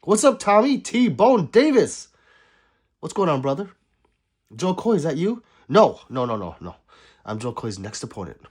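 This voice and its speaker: Husky, animated man joking with chat. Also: on the high side, normal speed. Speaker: livestreamer. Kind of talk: casual livestream chat reading.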